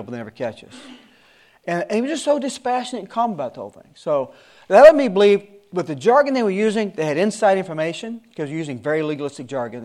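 A man's voice: fairly high pitch, a little mellow. A man in his sixties, a Sunday school teacher giving his class an earnest, repetitive warning in casual talk. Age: 60s.

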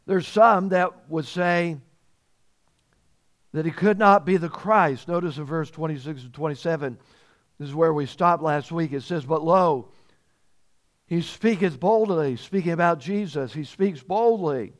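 A man preaching a sermon as pastor, emphatic and repeating phrases, growing louder on key points. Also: a little high, measured pace.

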